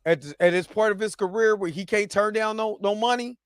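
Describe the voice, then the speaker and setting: A man's voice: high-pitched, brisk, smooth, no room sound, clean studio sound, faint music behind. A man hosting a casual livestream, reading chat and talking in a laid-back, chatty way. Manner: laid-back, chatty, often laughing and trying voices.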